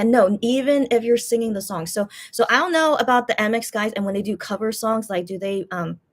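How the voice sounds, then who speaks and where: A woman host chatting casually to her viewers, rambling with many fillers and restarts, frustrated and complaining. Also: on the high side. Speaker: YouTube channel host.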